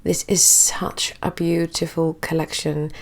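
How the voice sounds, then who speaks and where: Stuffy woman with a gravelly voice. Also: low voice, flat delivery. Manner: chatty and easygoing, with filler pauses. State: stuffy, recovering from illness. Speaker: craft tutorial host. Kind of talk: voice-over craft tutorial narration.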